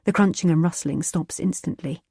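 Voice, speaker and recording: A woman reading a thriller audiobook in a tense, measured narrating style. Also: sits low, mellow, husky, dry recording, studio quality.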